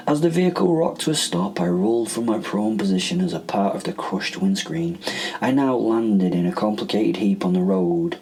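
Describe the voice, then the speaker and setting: A man's voice: fairly low pitch, darkish tone, rough recording. A man, reading a first-person horror story in a casual way with joking asides. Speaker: podcast host.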